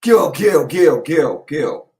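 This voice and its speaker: A man co-hosting a casual sports talk show, animated and rambling, repeating himself as he tells stories. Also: a little high, slow pace, vocal fry. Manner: animated storyteller, repeats himself, lots of fillers.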